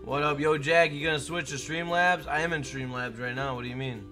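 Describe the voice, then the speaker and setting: Hyped young streamer guy, bright voice. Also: on the high side, fairly even intonation, a little fast, soft background music. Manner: hyped, shouts out chat names. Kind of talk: casual live-stream chat.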